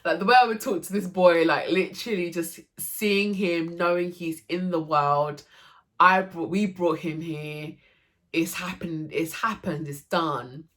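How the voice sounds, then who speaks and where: Low-voiced young woman vlogger. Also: steady tone, unhurried, a bit bright. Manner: emotional, lots of fillers and restarts. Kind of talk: casual storytelling to camera.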